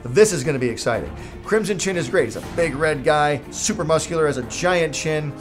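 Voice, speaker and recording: A man's voice: fairly high pitch, lively intonation, brisk, over music. A middle-aged man, a cartoon creator, telling a comic story in a playful, jokey way.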